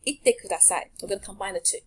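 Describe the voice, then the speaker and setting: Using slides, a woman leads a language lesson in a medium-pitched voice. She talks clearly and patiently, leaving pauses for learners to repeat her words.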